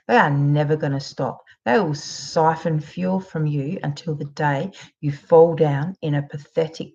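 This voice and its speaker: A woman's voice: sits low, darkish tone. A middle-aged Australian woman giving blunt, emphatic advice to camera, often checking in with "okay?" and swearing freely. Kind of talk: direct-to-camera advice talk. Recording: slightly dull lo-fi audio.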